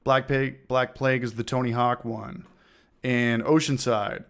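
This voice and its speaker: A man hosting a laid-back livestream, talking in a smooth, resonant voice at an everyday middle pitch. He chats loosely and swears freely, repeating phrases and giving shout-outs. Now and then a smoker's cough breaks through. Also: little pitch movement, a little slow. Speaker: livestream host of a homebrewing channel. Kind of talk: casual livestream chat, reading out viewer comments.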